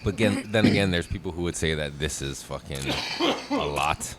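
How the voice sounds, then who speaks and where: A man's voice: a bass voice, fairly quick. A man hosting a casual podcast chat, joking and sarcastic. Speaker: podcast host. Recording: clear background noise.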